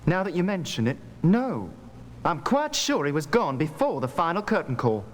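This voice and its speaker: An eager, chatty male witness in a period detective game. His high voice swoops all over the place as he gossips. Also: big pitch swings, normal speed. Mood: gossipy.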